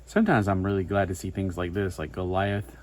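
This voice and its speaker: A man's voice: low-pitched, fairly even intonation, brisk, darkish tone. A man giving a casual, rambling comic book review, full of chatty asides and filler words.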